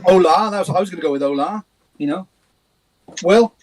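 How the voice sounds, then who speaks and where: A man's voice: fairly high pitch, fairly quick, poor audio. A man in a band co-hosting a casual livestream chat, joking and telling stories, often stumbling over and repeating words.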